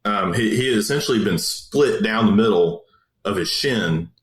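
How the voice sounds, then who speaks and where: A man's voice: on the low side, expressive, moderate pace. A man, a police officer, telling a story in a casual, rambling way with many fillers and restarts. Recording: roomy echo.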